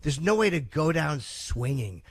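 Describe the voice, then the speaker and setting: A man's voice: a little high, very animated, measured pace, no echo. A man in casual chat on a talk show, making a reflective point.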